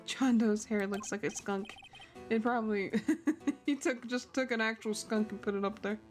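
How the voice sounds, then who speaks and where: A woman's voice: medium pitch, fairly even intonation, normal speed, soft background music. A woman streamer giving chatty, giggly commentary while playing a game. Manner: giggly, chatty, laughs often.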